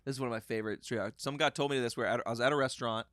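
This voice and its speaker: A man's voice: mid-range voice, steady tone, very fast, a bit bright, no echo, studio quality. A man hosting a casual comedy podcast, swearing easily, repeating himself and laughing often. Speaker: podcast host.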